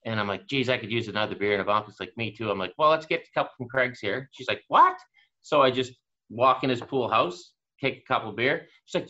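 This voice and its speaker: A man from Atlantic Canada, a podcast guest, telling a casual anecdote in a relaxed way. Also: fairly quick. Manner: relaxed anecdotal, raises pitch for quoted voices. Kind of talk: casual storytelling. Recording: dull lo-fi sound.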